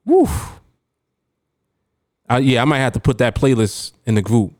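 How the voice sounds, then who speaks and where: A man coaching traders on his podcast, talking in an emphatic, street-casual way and laughing often as he reads out chat comments. His voice sits at an ordinary middle pitch for a man. The sound is dry and close, with no room echo. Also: sing-song, measured pace, a little mellow. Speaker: trading coach and podcast host.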